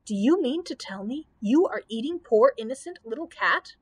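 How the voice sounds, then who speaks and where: A woman's voice: fairly high pitch, lively intonation, moderate pace, slightly rough. The Scarecrow, as a woman reads him. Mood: appalled. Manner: exclaiming, indignant. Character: fussy, squeamish male scarecrow made of straw.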